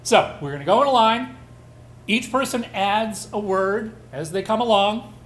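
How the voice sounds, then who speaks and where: A host on a pub stage explains the rules of a storytelling game in a loose, lively way. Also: medium pitch, moderate pace. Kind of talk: live show hosting.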